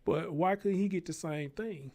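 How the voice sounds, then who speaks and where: A man's voice: high-pitched, normal speed, a little mellow. Blunt, profane man commenting. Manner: blunt, profane, repeats himself for emphasis. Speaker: commentary show host. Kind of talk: unscripted commentary monologue.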